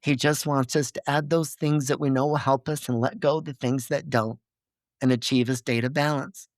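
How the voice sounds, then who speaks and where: A man's voice: medium pitch, fairly even intonation, normal speed, dry recording, studio quality. A man as a podcast guest, explaining his ideas earnestly and checking in with his listener as he goes. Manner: didactic, checks in with "okay?" and "right?".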